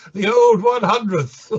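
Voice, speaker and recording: A man playing a husky, tipsy camp bishop. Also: sits high, exaggerated voice. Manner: fussy, camp, quoting scripture. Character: tipsy, flirtatious middle-aged bishop. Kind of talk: comic stage play reading. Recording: dull lo-fi recording.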